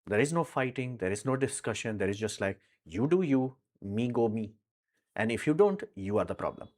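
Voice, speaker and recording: A man chats through viewer questions on a live stream. His voice sits at an ordinary middle pitch. He talks bluntly and rambles, with plenty of "uh" and "like". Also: expressive, moderate pace, darkish tone. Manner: rambling, filler-heavy, frank and blunt. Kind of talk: casual live Q&A chat.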